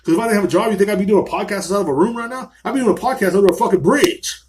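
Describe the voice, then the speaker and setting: A man's voice: high voice, racing, a little mellow. Profane, fired-up man ranting solo. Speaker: podcast host. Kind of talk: solo podcast rant. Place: small room.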